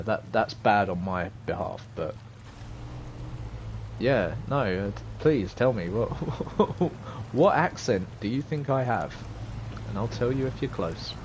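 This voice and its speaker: Streaming a driving game live, this young man speaks in a lowish voice that is animated yet a little slow, over slight background noise. His commentary is casual, rambling and hesitant as he chats with viewers and reads chat aloud.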